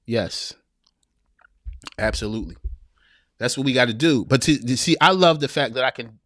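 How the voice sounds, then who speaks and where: A man's voice: fairly low pitch, fairly bright tone, no echo, clean studio sound. A middle-aged man hosting a podcast, reading live chat aloud and preaching in a casual, slangy way, often breaking into laughter. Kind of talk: casual live-stream commentary.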